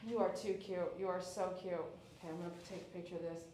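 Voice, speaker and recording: A woman's voice: lowish voice, steady tone, fast, dark tone, slight background noise. A woman dog groomer chatting live with viewers while she works, cooing and baby-talking to the dog and breaking into cheers. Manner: coos and baby-talks to the dog, bursts into cheers. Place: grooming salon. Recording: echoey room.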